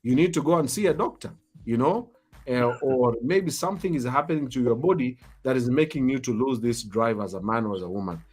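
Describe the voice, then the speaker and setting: A man's voice: medium pitch, a little fast, a little mellow, slightly rough. A man hosting a live talk show, speaking emphatically, repeating himself and teasing his viewers. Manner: emphatic, repetitive, playfully teasing.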